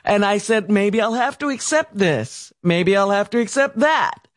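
A woman in her sixties, a radio co-host, telling a story in an animated way and acting out the quotes. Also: medium pitch, measured pace, no echo, studio quality. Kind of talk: candid talk-show conversation.

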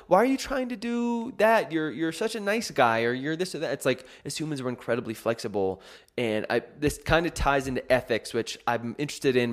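A young adult man hosting a solo podcast, talking casually with a rambling, self-deprecating storytelling manner and lots of fillers. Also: mid-range voice. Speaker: podcast host.

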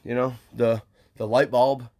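A man in easy podcast chat who keeps dropping dude and bro. His voice sits at an ordinary middle pitch, and he talks in a relaxed, joking way. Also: a little slow. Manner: laid-back, joking, says dude and bro. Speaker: podcast co-host. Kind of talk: casual chat.

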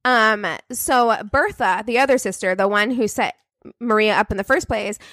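A woman's voice: fairly high pitch, normal speed, no room sound, clean studio sound. A woman co-hosting a podcast, telling a story in casual chat with lots of swearing and acted-out quotes. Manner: animated, profane, acts out quoted people.

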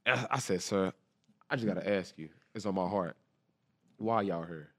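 A man, telling a story as an interview guest in a lively, slangy way and acting out the quotes. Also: sits low, dry recording, clean studio sound. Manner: animated, quick storytelling with slang and repeated quotes. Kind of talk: casual storytelling.

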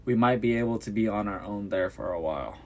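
A man doing a calm, commanding teacher. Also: on the low side, quick pace. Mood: easygoing.

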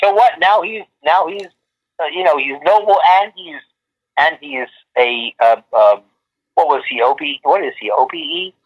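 A man tells long stories as a guest in a casual interview, circling back with restarts and fillers. His voice sits a little high for a man. He comes through a muffled, lo-fi call line. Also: moderate pace. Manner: rambling, many restarts and fillers. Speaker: photographer guest.

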